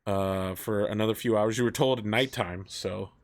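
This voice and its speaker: A man's voice: on the low side, fairly even intonation, normal speed. A man running a tabletop role-playing game as game master, teasing the players in a laid-back way and explaining the setting.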